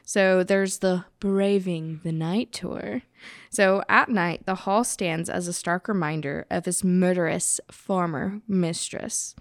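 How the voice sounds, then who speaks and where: A woman's voice: lowish voice, fairly even intonation, slow pace, no room sound. Chatty woman podcast host, dry mic. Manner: chatty, playful, many fillers. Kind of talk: casual chat.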